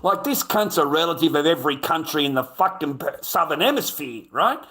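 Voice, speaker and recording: Aussie bloke ranting and swearing, fairly high voice, keeps repeating himself. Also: male voice, animated, a little fast, pushed and bright. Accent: Australian. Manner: profane, indignant, repeats himself. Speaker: streamer. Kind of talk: casual rant to camera.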